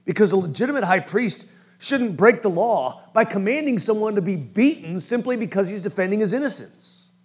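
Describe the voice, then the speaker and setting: A man's voice: sits high, expressive, normal speed, breathy edge. A male pastor preaching a conversational sermon who keeps checking in with his listeners. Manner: informal, often checks in with the listeners.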